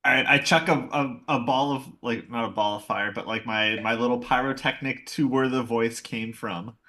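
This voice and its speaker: Man, player, bright forward voice, jokey, self-correcting. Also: medium pitch, fairly even intonation, normal speed. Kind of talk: casual tabletop play.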